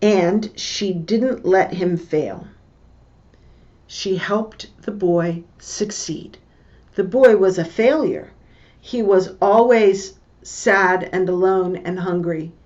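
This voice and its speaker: A woman teacher reading a book passage aloud and stopping to explain what words mean, in a slow, deliberate way. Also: mid-range voice, a little mellow, lo-fi sound. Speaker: English teacher.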